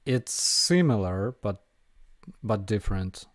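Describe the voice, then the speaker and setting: A man's voice: fairly low pitch, lively intonation, slow pace, no echo. A man with a Ukrainian accent hosting a casual live viewer Q&A, hesitant with many fillers and restarts.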